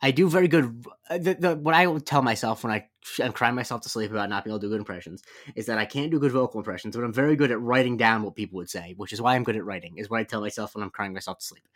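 A man co-hosting a casual podcast, talking at an ordinary middle pitch. He rambles through his points, trailing off and restarting with plenty of fillers. The delivery is relaxed and conversational. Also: very fast, hardly any pauses. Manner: rambling, self-correcting, with many fillers and hedges. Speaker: podcast co-host. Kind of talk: casual episode recap chat.

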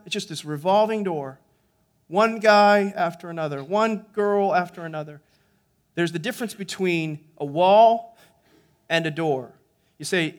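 High-voiced preaching man. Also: moderate pace, fairly bright tone. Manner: conversational preaching, builds to emphatic; frequent restarts and repeated words. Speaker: pastor. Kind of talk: sermon.

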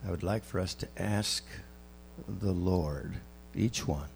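A pastor leading a congregation in prayer and preaching a sermon in a church, with a measured, reverent delivery. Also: male voice, low-pitched, vocal fry, darkish tone, slight background noise. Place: church sanctuary.

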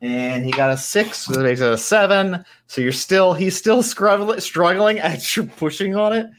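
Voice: medium pitch, normal speed, noisy background. A game master running a tabletop game, thinking aloud over rulings with hesitant fillers.

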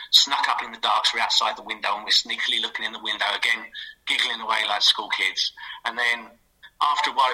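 A middle-aged man telling a lively anecdote as a guest on a radio show, putting on playful voices for the people he quotes. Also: on the low side, breathy edge, rough recording. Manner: fast, animated storytelling with playful quoted voices. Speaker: guest, former footballer.

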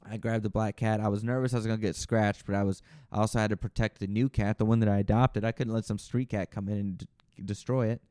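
Rambling man telling a story, warm smooth voice. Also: fairly low pitch, flat delivery, quick pace, no echo, clean studio sound. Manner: rambling, self-correcting, tells an anecdote with lots of "I was like". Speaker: podcast host. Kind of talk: casual storytelling.

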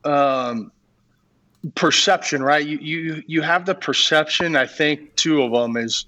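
A middle-aged man, a baseball coach being interviewed, telling a long personal story in a halting way with many fillers and restarts. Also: mid-range voice, fairly bright tone, muffled recording.

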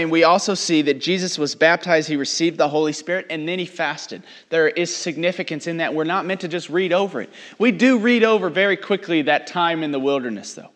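A young man preaching a sermon, reading scripture and then talking in an animated, teasing way, acting out people he quotes. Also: a little high. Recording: long hall reverb.

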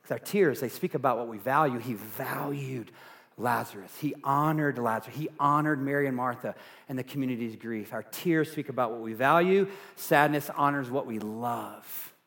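A man preaching a sermon as pastor, earnest, going from loud emphasis to hushed softness. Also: medium pitch, moderate pace, big-room sound. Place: church sanctuary.

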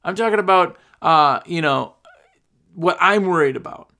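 A man's voice: high-pitched, normal speed, pushed and bright. A man giving casual, rambling business advice, repeating himself and acting out his customers. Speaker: cleaning business coach. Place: recording on his phone.

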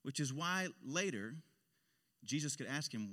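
A man's voice: medium pitch, animated, unhurried, pushed and bright, in a large hall. A male pastor preaching a sermon in an impassioned style, his voice swelling on key phrases. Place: church sanctuary.

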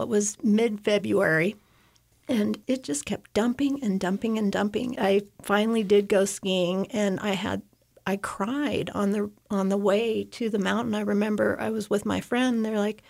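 Gravelly-voiced woman telling a rambling personal story. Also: medium pitch. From United States. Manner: talkative, rambling with restarts. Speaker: interview guest, avalanche survivor. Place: studio.

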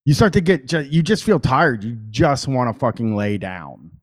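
A man's voice: medium pitch, big pitch swings, moderate pace. Rambling, swearing podcaster man. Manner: rambling, swears freely, many fillers. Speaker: podcaster, guest. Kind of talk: casual chat.

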